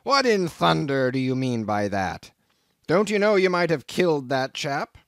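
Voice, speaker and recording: A man's voice: medium pitch, big pitch swings, extremely slow, dry recording, studio quality, exaggerated voice. A man voicing a gaunt, hot-tempered older ship captain who roars threats in a storybook reading. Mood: angry. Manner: roaring, threatening.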